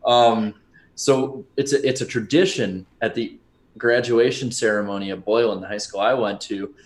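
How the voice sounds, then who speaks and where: A man's voice: fairly low pitch, fairly even intonation, normal speed. Young man telling a rambling story. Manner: rambling with restarts and fillers. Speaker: podcast host. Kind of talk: casual chat, storytelling.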